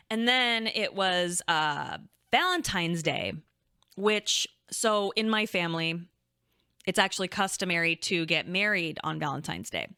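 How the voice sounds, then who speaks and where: Young woman, casual storytelling, rambling, bright voice, dry sound. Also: medium pitch, clear, resonant tone, no room sound. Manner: rambling, full of "like" and restarts. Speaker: podcast co-host.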